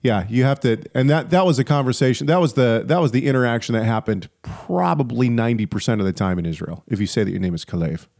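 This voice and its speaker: A man's voice: mid-range voice, quick pace, creaky, few pauses, darkish tone, no room sound, clean studio sound. A man co-hosting a faith podcast, chatting casually and telling stories with lots of fillers and restarts. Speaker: podcast co-host.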